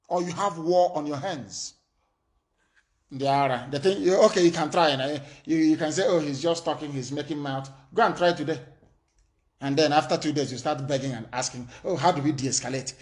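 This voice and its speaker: Man, fiery political broadcast, threatening, declamatory, slightly high voice. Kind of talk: impassioned live political broadcast.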